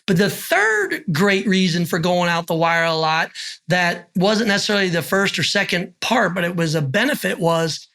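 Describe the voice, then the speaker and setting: A man's voice: high voice, animated, moderate pace, creaky, sharp tone. A middle-aged man, a retired army officer, recalling his service and acting out remembered dialogue as he tells stories. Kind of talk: oral history recollection.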